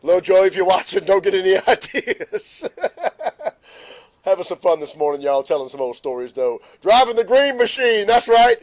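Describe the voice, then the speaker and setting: A middle-aged man from hosts a relaxed morning live stream and talks. His voice sits high for a man. He keeps breaking into laughter as he greets viewers by name. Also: moderate pace.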